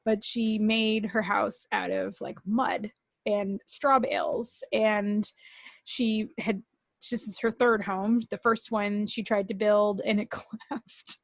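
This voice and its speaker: A woman as a podcast guest in casual chat, telling stories in an animated, laughing way and swearing freely. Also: mid-range voice, slow, vocal fry, dry recording.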